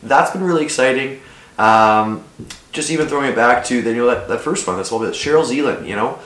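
A man's voice: medium pitch, animated, fairly quick, fairly bright tone. A man co-hosting a podcast, upbeat and casual with many fillers. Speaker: podcast co-host. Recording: echoey room.

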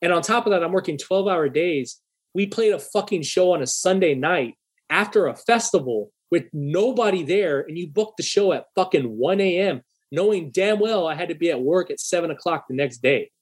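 Here a young man's high, breathy-edged voice moves at a normal clip as he relaxes into a story. Cursing liberally, he plays out a heated quarrel in lively quoted lines.

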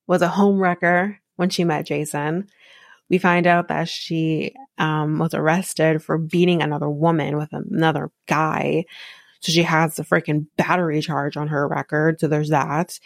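A woman hosting a podcast, giving a candid, opinionated recap of a reality show, swearing freely and quoting the cast in a higher voice. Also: dry recording, studio quality. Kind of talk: casual recap commentary.

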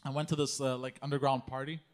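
A man's voice: medium pitch, little pitch movement, quick pace. A man guest on a casual podcast, rambling through a story, laughing and swearing often.

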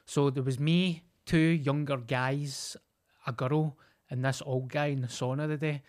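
A man's voice: medium pitch, a little slow. A Scottish man co-hosting a podcast, telling stories in casual chat and acting out what people said. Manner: animated, acts out quotes. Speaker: podcast co-host.

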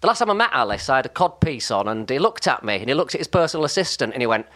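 A man with a high, light voice, chatting as a guest and wandering off into comic, self-mocking tangents with many restarts. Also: big pitch swings, very fast, hardly any pauses, a bit bright. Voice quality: high, light voice that never broke. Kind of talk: casual chat.

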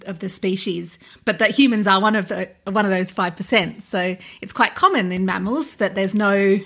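A woman's voice: medium pitch, normal speed, a bit bright. A woman co-hosting a podcast, chatty and a little hesitant as she talks. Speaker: podcast co-host. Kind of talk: podcast conversation.

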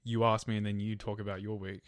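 A woman's voice: rumbling low, flat delivery, fast, dry recording. Blunt, sweary woman. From Australia. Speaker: podcast co-host. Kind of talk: casual chat.

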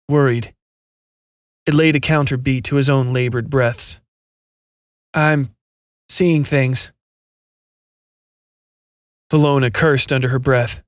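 A man narrating a scripted science fiction horror story in a steady, measured reading. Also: medium pitch, dry recording.

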